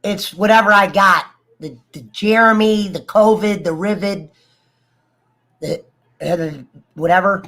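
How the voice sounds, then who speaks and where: A man's voice: high-pitched, a little slow, long pauses, pushed and bright. A man with a cough chatting casually to viewers, swearing, joking and laughing between fits of coughing. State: coughing, sick. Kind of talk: casual rambling chat to viewers.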